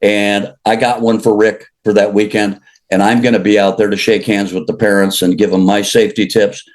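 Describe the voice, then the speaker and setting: A man's voice: fairly low pitch, little pitch movement, normal speed. An older man from Illinois, a country singer guest, telling rambling, jokey stories in a casual chat and laughing at his own tales. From Illinois, USA. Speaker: interview guest, country recording artist.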